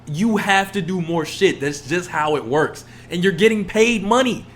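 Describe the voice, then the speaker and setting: A fired-up young man rants on a podcast, full of swearing. His voice sits a little high and swings wildly in pitch, and now and then he drops into low, mumbled impressions of other people. A faint hiss runs under the recording. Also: normal speed. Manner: profane, animated, mimics others in low mumbling asides. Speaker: podcast co-host. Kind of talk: heated casual podcast rant.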